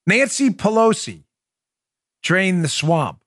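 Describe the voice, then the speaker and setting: Male podcast host, high-pitched and sharp-toned, sarcastic and emphatic, dry close sound. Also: very animated, slow, no room sound. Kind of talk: opinionated podcast monologue.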